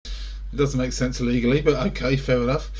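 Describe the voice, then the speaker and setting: A man's voice: medium pitch, steady tone, moderate pace. A British man rambling through a casual reaction to film trailers, full of wry asides, recorded indoors in front of a greenscreen.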